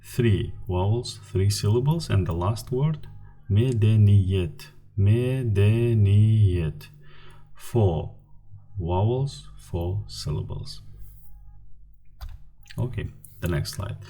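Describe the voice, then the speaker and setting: Slow, husky-voiced male language teacher. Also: fairly low pitch, expressive, mellow. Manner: patient, repeats example words slowly. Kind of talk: slide-based language lesson.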